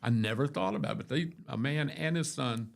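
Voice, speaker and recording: An older man with a gravelly voice chats on a morning show. He wanders through his stories, restarting sentences and tossing in asides as he goes. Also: medium pitch, brisk. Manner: rambling storyteller with many restarts and asides. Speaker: radio show host. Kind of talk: casual morning show chat.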